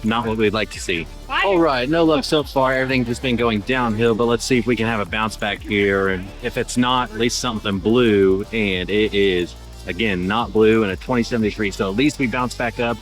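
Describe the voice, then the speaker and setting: A man's voice: fairly low pitch, a little fast, soft background music. A man hosting his game channel, giving upbeat, chatty play-by-play commentary. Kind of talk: casual gameplay commentary.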